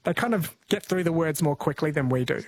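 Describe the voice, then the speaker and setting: A man's voice: a little high, a little fast, darkish tone. Chatty radio quiz host, man. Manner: friendly, chatty, laughs easily. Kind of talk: call-in radio quiz chat.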